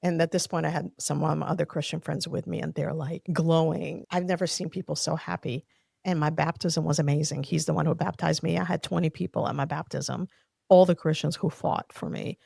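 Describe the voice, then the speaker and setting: Woman guest, heartfelt personal testimony; heavy vocal fry, dry close sound. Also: deep voice, steady tone, fairly quick, dark tone, no echo. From Soviet Union. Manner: earnest, heartfelt storytelling. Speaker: podcast guest.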